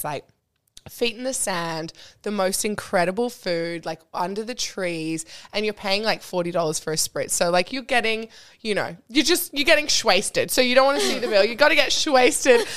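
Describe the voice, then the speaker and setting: A young woman in casual chat, gushing through her stories with giggles and plenty of "like." Her pitch sits right in the middle for a woman. She talks as a bubbly guest among friends. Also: fairly bright tone. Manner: bubbly, giggly storytelling, full of "like". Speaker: podcast guest.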